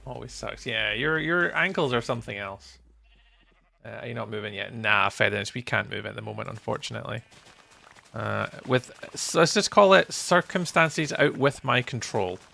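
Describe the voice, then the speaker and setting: Gravelly man with a mild Scottish accent. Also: mid-range voice, normal speed, bright, forceful tone, faint music behind. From Scotland. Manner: chatty, replies to viewers' chat messages. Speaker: game streamer. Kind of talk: casual live-stream chat.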